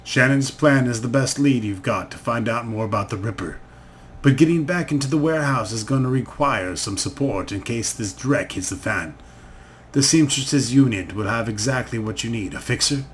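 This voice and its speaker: A man playing a video game who gives excitable, profane commentary and reads the game's text aloud. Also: medium pitch, slight background noise. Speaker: let's play gamer. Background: game music.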